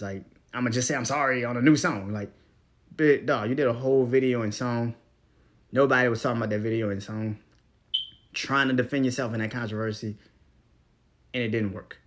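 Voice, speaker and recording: Profane young man ranting on a podcast. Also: medium pitch. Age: young adult. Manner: profane, blunt, laughs often, swings between loud and mumbled. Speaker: podcast host. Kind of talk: casual ranting monologue.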